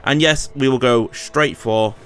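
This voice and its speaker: A man's voice: medium pitch, a little slow, fairly bright tone, soft background music. A man giving casual, swearing commentary over his strategy game and talking back at the computer players. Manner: swears, talks to enemy AI lords in frustration. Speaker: gaming YouTuber.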